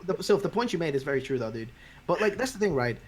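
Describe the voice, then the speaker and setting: Male podcast host: rapid, ranting, foul-mouthed, pitched a bit high. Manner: profane, ranting, animated. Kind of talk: casual chat.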